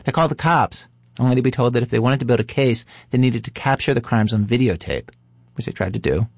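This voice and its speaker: A man hosting a podcast who narrates calmly and asks curious follow-up questions. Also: mid-range voice, quick pace, no echo. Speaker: podcast host and interviewer. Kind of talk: narration and interview.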